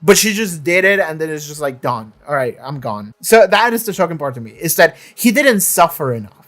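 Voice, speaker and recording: A man's voice: sits high, animated, fairly quick, a bit bright. Casual, swearing young-sounding man reviewing. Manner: rambling, swears freely, many restarts. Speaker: reaction channel host.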